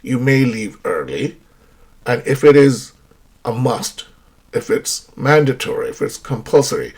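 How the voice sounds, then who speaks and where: A male English teacher talks through a grammar lesson with a husky edge to his voice. His pitch rises and falls a lot as he works through one example sentence after another. He keeps checking in with the learner as he goes. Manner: explains with many examples and checks in with "right?".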